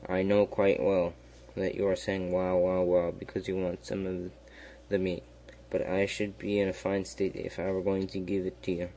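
A man voicing a stubborn, grumbling peasant in a storybook reading, in a low, deliberate voice close to his own. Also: completely flat delivery, mellow, slight background noise. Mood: bargaining. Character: grumbling stubborn male peasant, middle-aged.

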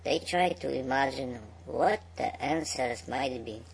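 A man reading a bedtime story aloud in a slow, unhurried way, with small slips. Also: mid-range voice, vocal fry, slight background noise, rough recording.

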